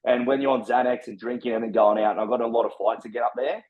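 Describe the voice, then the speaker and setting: A man's voice: mid-range voice, fairly even intonation, fast, phone-quality sound. An Australian man telling his story as a podcast guest, blunt and full of slang and swearing. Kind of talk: casual storytelling.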